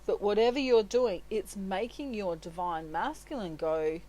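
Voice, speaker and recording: A woman's voice: mid-range voice, unhurried, warm tone, rough recording. A woman giving a casual, chatty tarot reading. She sounds reassuring, laughs often and keeps tagging her points with "right?" and "you know". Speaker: tarot reader.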